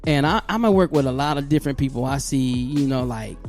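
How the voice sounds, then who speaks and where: A man's voice: fast, faint music behind. A man hosting a podcast, chatting casually and playfully, laughing often. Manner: playful, laughs often, slips into squeaky high voices. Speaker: podcast host. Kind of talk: casual chat.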